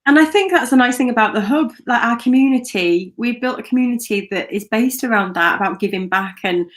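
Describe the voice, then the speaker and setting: A woman's voice: fairly high pitch, brisk. Supportive woman hosting an interview. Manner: supportive, appreciative. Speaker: host. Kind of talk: casual interview chat.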